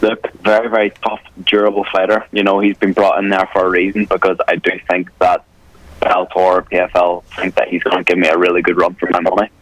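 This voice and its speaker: A man's voice: low voice, completely flat delivery, brisk, no room sound, poor audio. A young man with a Northern Irish accent, an MMA fighter confidently and bluntly answering interview questions over the phone. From Northern Ireland. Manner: confident, blunt, swears casually. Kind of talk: phone interview on talk radio.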